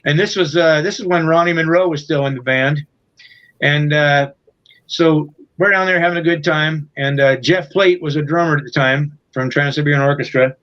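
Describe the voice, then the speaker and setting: A man's voice: on the high side, moderate pace, a bit bright, muffled recording. Profane, rambling man telling a road story. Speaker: guest musician. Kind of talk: casual anecdote in an interview.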